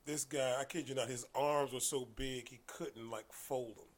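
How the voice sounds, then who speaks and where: A martial arts coach with a medium-pitched voice, speaking at normal speed over a little hiss or hum, tells stories casually as a guest. He's animated, acting out the voices of people involved and sometimes dropping to a whisper.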